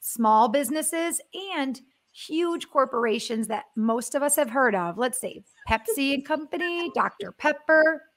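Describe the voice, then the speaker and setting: A woman's voice: high-pitched, expressive, measured pace, fairly bright tone. A woman hosting a marketing webcast, reading a sponsor message and introducing a guest in an upbeat, enthusiastic way that breaks into easy laughter. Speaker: show host.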